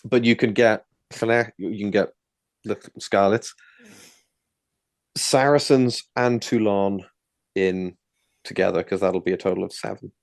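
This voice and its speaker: Lower-voiced man, curious. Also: steady tone, a little slow, gravelly, long pauses, dry recording, studio quality. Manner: curious, asks questions, amused. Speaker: podcast co-host. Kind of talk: casual sports chat.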